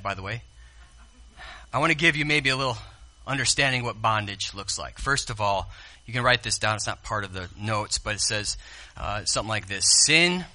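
A man preaching a sermon as pastor, speaking straight to the congregation and swinging from hushed asides to loud exclamations. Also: mid-range voice. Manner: addresses the congregation directly.

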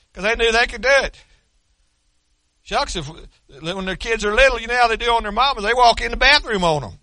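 Folksy older preacher, high bright voice. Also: male voice, dry recording. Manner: folksy preaching, rising to fervent shouts, frequent stammered restarts. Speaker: pastor. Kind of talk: sermon.

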